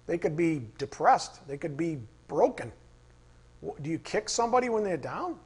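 A man teaching a Bible study class. He asks the class questions, reads verses slowly and repeats the key lines. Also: a little high, sing-song, husky. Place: classroom with a board.

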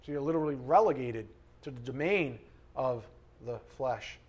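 A male pastor delivering a sermon to his congregation in a conversational way, pressing hard on key words and then dropping into soft, quiet asides. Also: mid-range voice, animated, normal speed, slightly rough. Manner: conversational, emphatic preaching, swings between loud stresses and soft asides.

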